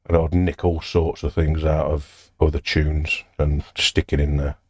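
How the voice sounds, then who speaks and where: A man's voice: extremely low pitch, level tone, a little slow, breathy edge, dry recording. An older man chatting casually on a livestream from his home studio, rambling and drifting off topic as he talks. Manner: rambling, easily sidetracked, swears casually. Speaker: music producer streaming a session.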